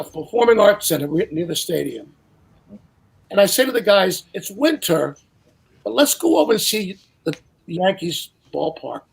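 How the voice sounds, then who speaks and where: Husky gravelly-voiced older man telling stories. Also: high voice. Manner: animated storyteller who acts out quotes. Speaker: guest storyteller. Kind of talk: casual anecdote telling.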